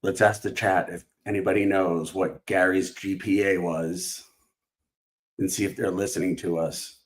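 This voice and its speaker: A man's voice: low-pitched, flat delivery, normal speed. A man hosting a casual live stream while opening trading cards, rambling with lots of fillers and restarts. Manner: rambling, filler-heavy, self-interrupting.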